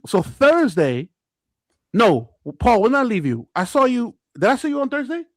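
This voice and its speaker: A man with a high, bright speaking voice tells stories on a casual show. He keeps slipping into other people's voices as he quotes them. The sound is close and dry. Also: big pitch swings, unhurried, no echo. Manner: acts out quotes in different voices, laughs a lot. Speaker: podcast co-host. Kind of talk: animated storytelling chat.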